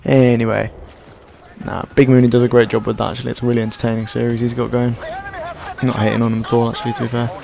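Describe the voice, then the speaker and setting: Young male gaming commentator, tired and hoarse, gravelly, self-deprecating rambler. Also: mid-range voice, level tone, fast, a little mellow. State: hoarse, sore throat. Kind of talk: casual gameplay commentary.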